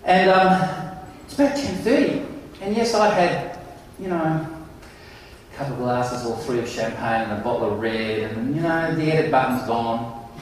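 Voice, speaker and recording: A middle-aged man giving a conference keynote, telling stories in an animated, self-mocking way, recorded in a large hall. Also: medium pitch, normal speed, recorded from a distance, a little hiss or hum. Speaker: keynote speaker. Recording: echoey hall, mic heard from afar.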